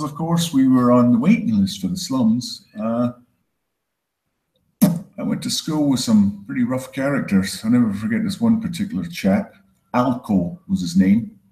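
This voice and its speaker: A man from Scotland with a Scottish accent softened by years in Canada, performing a rambling, self-deprecating stand-up set and swearing freely. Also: mid-range voice, echoey room, rough recording. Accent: Scottish, with some Canadian. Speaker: stand-up comedian.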